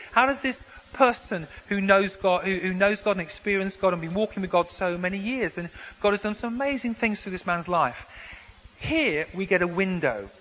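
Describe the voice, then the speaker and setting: A man preaching a sermon in a relaxed, conversational way, often restarting and repeating words as he explains. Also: high voice. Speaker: pastor. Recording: long hall reverb, faint background noise.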